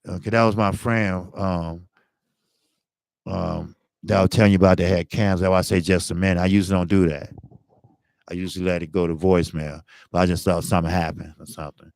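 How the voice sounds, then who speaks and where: A man with a lowish, gravelly voice hosts a boxing channel in loose live-stream chat. He is earnest and blunt, hammering points home by saying them again. The sound is close and dry. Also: level tone, a little fast, darkish tone, no room sound. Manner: earnest and blunt, repeats himself for emphasis. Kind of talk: casual live-stream commentary.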